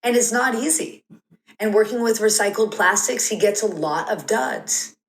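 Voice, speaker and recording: A woman's voice: medium pitch, animated, normal speed, echoey room, poor audio. A woman guest on a podcast, telling a reflective story in an earnest, rambling way with plenty of "like" and "you know".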